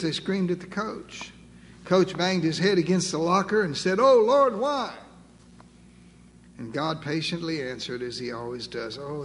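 A man preaching a sermon, emphatic and building through repeated phrases and pauses. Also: on the high side. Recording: long reverb, faint background noise.

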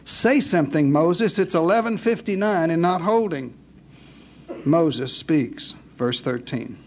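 A man preaching a sermon, retelling a scripture story with wisecracks, theatrical flair and hushed dramatic pauses. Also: on the high side, lively intonation, a little hiss or hum.

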